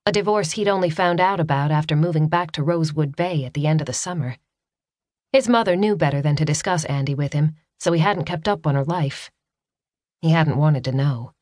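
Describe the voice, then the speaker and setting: A woman narrating a romance novel in a steady, measured audiobook reading. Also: sits low, no echo, clean studio sound. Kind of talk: scripted narration.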